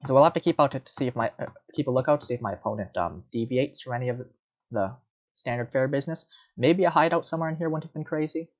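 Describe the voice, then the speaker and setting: A man's voice: medium pitch, quick pace, highs cut off. A man giving casual, rambling commentary while playing a card game, muttering and mocking himself.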